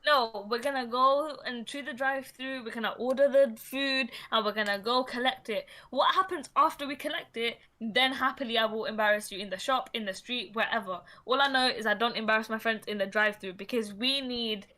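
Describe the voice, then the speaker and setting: A young woman, co-hosting a podcast in casual chat. She talks in an animated, emphatic way and repeats herself for effect. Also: fairly high pitch, a little fast, few pauses. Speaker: podcast co-host.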